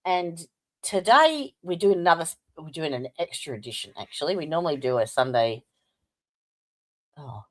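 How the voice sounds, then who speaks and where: An Australian woman hosting a casual livestream, chatty and welcoming viewers by name, with plenty of fillers. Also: very deep voice. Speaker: livestream host.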